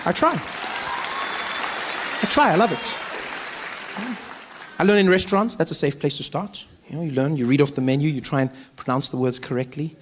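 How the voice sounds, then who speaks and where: A man performing a stand-up comedy routine, telling stories with animated delivery and imitated voices. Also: sits high, a little hiss or hum. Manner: animated storytelling, mimics voices.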